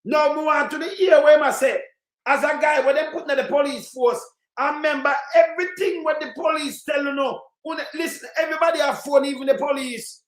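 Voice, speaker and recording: A Jamaican man in heated live commentary, ranting and shouting in patois, circling back to the same complaints. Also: very high voice, fairly quick, echoey room. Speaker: livestream commentator.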